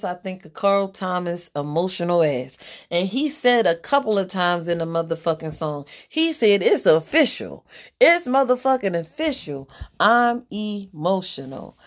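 This podcast host is a woman whose voice sits on the low side. Her general spiritual reading comes across as a frank, swear-filled pep talk, with the main lines repeated again and again.

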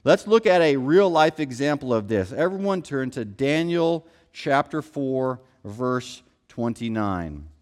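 A man's voice: medium pitch, big pitch swings, measured pace, hardly any pauses, a little mellow. Conversational preaching pastor, a man. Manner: conversational preaching, acts out quotes, repeats "here's the thing". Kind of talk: sermon.

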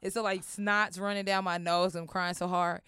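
A woman's voice: fairly low pitch, moderate pace, crowd noise. A young woman, telling a personal story casually, acting out voices and swearing freely. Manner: animated, acts out voices, swears often.

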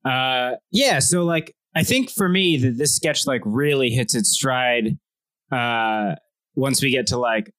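A man's voice: mid-range voice, expressive, slow pace, fairly bright tone, no echo. A man giving enthusiastic, loose notes on a comedy sketch.

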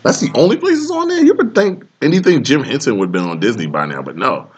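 Man, podcast co-host, casual chat, very lively pitch, laughs a lot, looks things up mid-talk. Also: fast talker, breathy edge, dull audio.

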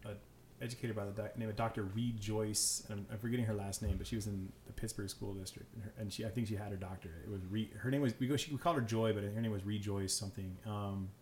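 Fast-talking man in an echoey room. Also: lowish voice, a little hiss or hum. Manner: fast, animated storytelling with many fillers. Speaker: high school teacher, podcast guest. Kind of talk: casual chat.

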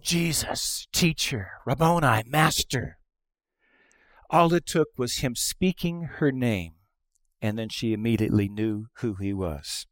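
A middle-aged male pastor delivering a conversational sermon, telling stories and acting out quoted lines, moving between hushed asides and loud exclamations. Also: fairly low pitch, normal speed, clean tone, dry recording, clean studio sound. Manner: conversational storytelling with acted-out quotes.

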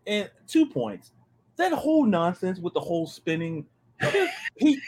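A man from the American South, co-hosting a casual sports podcast. His voice sits high and swings widely in pitch as he rants. He stumbles and repeats words when he gets worked up. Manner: animated, ranting, repeats words when excited. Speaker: podcast co-host.

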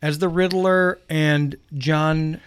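A man's voice: on the high side, fairly even intonation, smooth. A man hosting a casual film discussion, leading the talk and giving emphatic opinions. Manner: leads the talk, emphatic, quick to give opinions. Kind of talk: casual chat.

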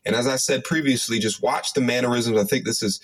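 A man's voice: mid-range voice, steady tone, a little fast, a bit bright, husky. A man hosting reaction commentary, speaking to his viewers with plenty of "um" fillers and a moralizing tone. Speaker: commentary host.

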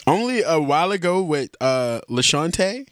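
A young man co-hosting a podcast, chatting casually and dropping in quick reactions. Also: a little high, sing-song, no echo. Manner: quick interjections, laid-back commentary. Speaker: podcast co-host. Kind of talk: casual chat.

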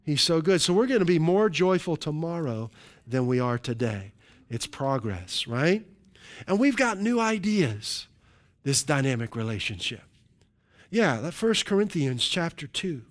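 A man preaching with a lively, somewhat high-pitched voice. He keeps up a sermon full of hallelujahs and quick jokes to the room, checking in with "right?" between points. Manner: jokey asides to the congregation. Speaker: pastor.

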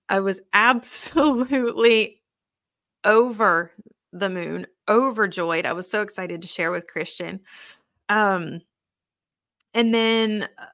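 A woman's voice: mid-range voice, a bit bright, no room sound, studio quality. A young woman hosting a podcast, sharing a personal faith testimony in an earnest, conversational way. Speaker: podcast host.

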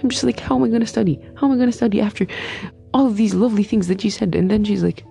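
A woman's voice: mid-range voice, fast talker, creaky, warm tone, faint music behind. A woman in her twenties, a medical student, telling a story in a casual vlog, rambling and emphatic with many fillers and restarts.

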